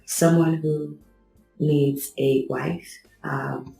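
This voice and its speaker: A woman's voice: rumbling low, measured pace, creaky, darkish tone, echoey room, soft background music, rough recording. A woman co-hosting a podcast, talking casually with dry, self-deprecating wit. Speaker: podcast co-host.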